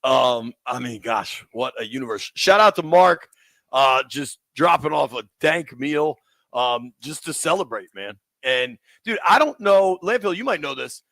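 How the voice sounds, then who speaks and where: A man in his forties hosting sports talk radio, excited and rambling in casual banter. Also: fairly high pitch, a little slow, vocal fry, dry recording. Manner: excited, rambling, laughs easily.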